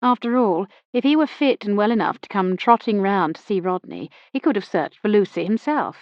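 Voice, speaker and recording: A woman's voice: mid-range voice, lively intonation, normal speed, a little mellow, no echo, highs cut off. Woman narrating a mystery audiobook. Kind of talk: first-person audiobook narration of a period mystery.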